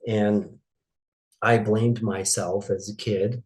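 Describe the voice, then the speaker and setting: A middle-aged man from Maine telling a painful personal story as an interview guest, halting and emotional, with many restarts. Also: lowish voice, fairly even intonation, a little mellow.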